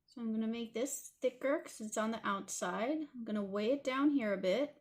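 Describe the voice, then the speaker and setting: A woman's voice: fairly high pitch, a little mellow. Chatty Canadian woman drawing tutorial. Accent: Toronto Canadian. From Toronto, Canada. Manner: chatty, apologetic asides while working. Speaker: art tutorial host. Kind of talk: casual drawing tutorial narration.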